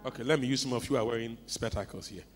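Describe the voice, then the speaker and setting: A man preaching a sermon as a pastor, telling stories and swinging from quiet asides to shouts. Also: medium pitch, rapid-fire. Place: church hall. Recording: long hall reverb with faint music.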